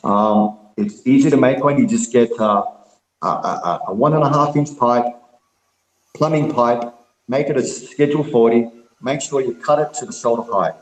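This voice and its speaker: A man's voice: medium pitch, moderate pace, reverberant, low-quality recording. A man, rambling in a casual group call, laid back, swearing freely and calling everyone mate and brother.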